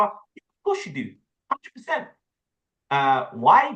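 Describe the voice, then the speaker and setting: A man with an English accent coaching a sales team, blunt and animated, with casual slang and the odd swear word. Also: high voice, unhurried, echoey room. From England. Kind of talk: sales training talk with role-play.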